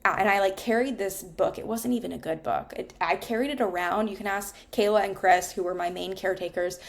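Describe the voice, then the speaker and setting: A woman talks through her own story, frank and unguarded and at ease with a curse word. Her voice sits mid-range with a gravelly fry at the ends of phrases. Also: medium pitch, brisk. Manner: frank and conversational, swears casually. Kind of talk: candid personal storytelling.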